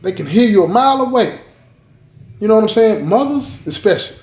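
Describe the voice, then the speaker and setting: Male storyteller host, emphatic and repetitive, fairly high voice, echoey room. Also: lively intonation, brisk, a little mellow. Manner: emphatic, repeats lines, addresses audience. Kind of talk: dramatic storytelling to viewers. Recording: roomy echo.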